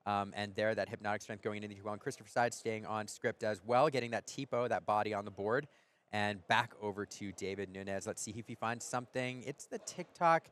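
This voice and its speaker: A man with a fairly low voice calls a card game match play by play. He is energetic and excitable, and his pitch climbs high when the action heats up. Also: brisk. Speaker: play-by-play caster. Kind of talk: card game tournament commentary.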